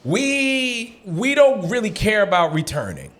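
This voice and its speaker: A male comedian in casual podcast chat, a profane, animated storyteller who acts out quotes from other people. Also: sits high, measured pace.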